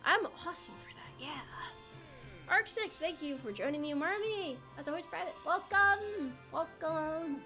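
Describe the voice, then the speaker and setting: Brief: young American woman, high and bright, playful rambling streamer chat, faint music underneath. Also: expressive, normal speed. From United States. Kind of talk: casual live-stream chat while gaming.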